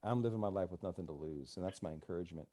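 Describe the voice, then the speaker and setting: A man's voice: deep voice, rapid-fire, warm tone. A man, a counselor, telling stories in a casual radio talk and acting out the dialogue. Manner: storytelling, acts out quoted dialogue. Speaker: counselor guest. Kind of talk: casual podcast conversation.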